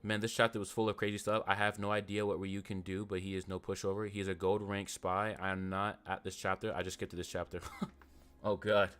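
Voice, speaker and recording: Low-voiced male streamer reading comics aloud. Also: little pitch movement, a little fast, fairly bright tone, clear, resonant tone. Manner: reads aloud with chuckles and chat asides. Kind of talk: live-stream comic read-along.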